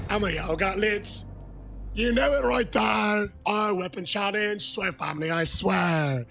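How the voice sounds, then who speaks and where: Rowdy high-voiced gravelly streamer man. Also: unhurried, soft background music. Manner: rowdy, shouting hype with countdown toasts. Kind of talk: livestream chat, reading and toasting super chats.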